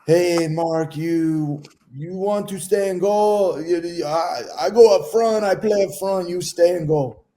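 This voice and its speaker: A man's voice: sits high, takes it slowly, few pauses, mellow. A man putting on a Spanish-accented goalkeeper. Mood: coaxing. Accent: put-on Spanish. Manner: broken-English, laid-back teasing. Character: male soccer goalkeeper with a mock Spanish accent.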